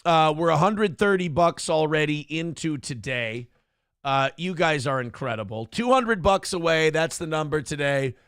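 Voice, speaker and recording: A man hosting a casual commentary show, talking in a rambling, animated way full of swearing. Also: a little high, normal speed, smooth, no room sound, studio quality. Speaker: show host.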